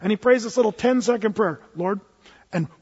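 Animated high-voiced male preacher. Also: quick pace, breathy edge, long reverb tail, lo-fi sound. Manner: animated storyteller, swings from loud to hushed, jokes. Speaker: pastor. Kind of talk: sermon.

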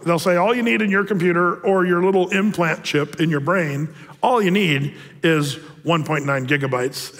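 Chatty pastor with a raised voice. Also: male voice, on the high side, fairly bright tone, in a large hall. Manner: chatty, digressive, joking asides. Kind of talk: casual prophecy-update sermon.

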